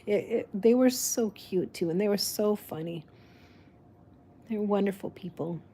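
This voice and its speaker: A woman whose first language is Spanish, talking in a casual, meandering chat. She speaks slowly, circles back on her own words, and breaks into laughter now and then. Her pitch sits in an ordinary middle range. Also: mellow, slight background noise. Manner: rambling, restarts often, laughs. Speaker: vlog host.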